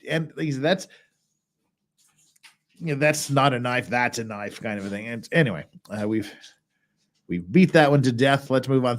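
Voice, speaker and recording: Blunt, wry male legal commentator. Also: medium pitch. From United States. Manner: wry, rambling and blunt, reading out legal text. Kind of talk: casual livestream commentary.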